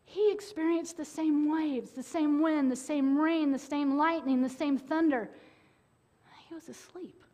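A woman with a high voice preaching a sermon. She talks earnestly and holds dramatic pauses, then breaks into sudden loud bursts. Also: steady tone.

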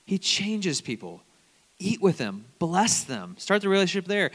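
A man preaching a sermon, telling stories animatedly and swinging between loud bursts and hushed asides. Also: high-pitched, big pitch swings, moderate pace, long reverb tail.

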